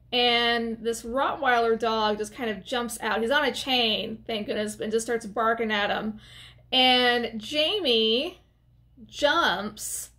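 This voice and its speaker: A woman casually recapping a horror film for her channel, chatty and expressive, with plenty of filler words and side comments. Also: a little high. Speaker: movie reviewer. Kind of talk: casual movie recap to camera.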